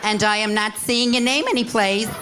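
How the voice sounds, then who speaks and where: A man's voice: high-pitched, steady tone, normal speed, noisy background, pitched above the performer's own voice, lightly acted. A man voicing a nagging middle-aged mother leaving a rambling, guilt-tripping answering machine message. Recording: loud crowd laughter.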